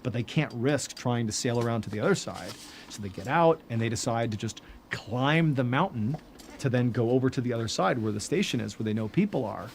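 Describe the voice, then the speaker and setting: A man telling stories in casual chat as a podcast host, animated, with lots of filler words. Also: mid-range voice, fairly quick, creaky, a little hiss or hum.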